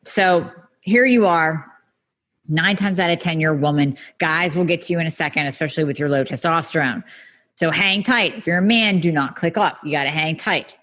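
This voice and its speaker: A woman's voice: low-pitched, normal speed, a bit bright. Blunt, emphatic woman podcast host. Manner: emphatic, blunt, speaks straight to the listener with mild swearing. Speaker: podcast host and functional medicine practitioner. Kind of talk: solo podcast talk.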